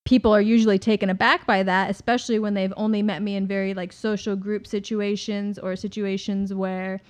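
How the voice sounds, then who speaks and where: A woman's voice: mid-range voice, little pitch movement, brisk. Chatty woman talking frankly. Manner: direct, thoughtful, many fillers. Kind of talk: casual conversation.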